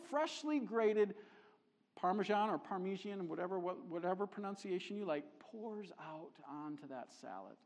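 A middle-aged man preaching a sermon as a visiting missionary, conversational and joking, growing animated as he builds a point. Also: high voice. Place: church sanctuary. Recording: long hall reverb.

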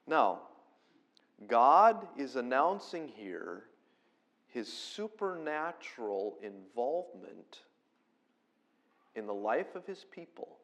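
A man preaching a conversational sermon, explaining scripture verse by verse and rising to loud, emphatic peaks when he quotes it. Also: medium pitch. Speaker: pastor.

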